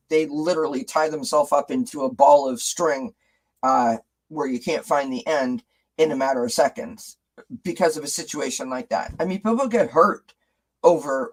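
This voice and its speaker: A chatty man hosts a live stream in a relaxed, conversational way, with a voice of ordinary middle pitch. He talks to viewers, reads out their comments and keeps asking rhetorical questions, often stopping to restart a sentence. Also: low-quality recording. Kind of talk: casual live-stream chat.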